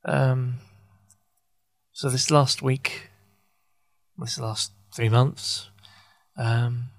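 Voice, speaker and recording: A man muses aloud on his podcast in a loose, unscripted ramble. He stops and restarts often, hunting for words, and slips in dry asides. His voice sits at an everyday middle pitch for a man. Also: level tone, gravelly. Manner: halting, full of fillers and self-corrections, wry. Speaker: podcast host. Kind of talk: rambling casual monologue.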